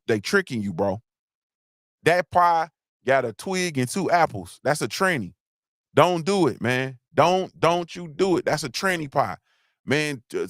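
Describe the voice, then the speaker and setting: A man's voice: fairly high pitch, dry recording, studio quality. Slangy rambling male livestream host. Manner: slangy, rambling, shouts out chat names. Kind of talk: casual livestream chat.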